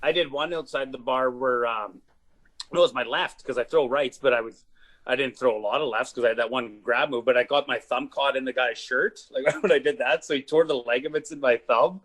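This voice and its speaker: A man who is a comedian guest telling rowdy stories in casual chat, animated and swearing, often laughing. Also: medium pitch, a little fast. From Canada. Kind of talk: casual storytelling.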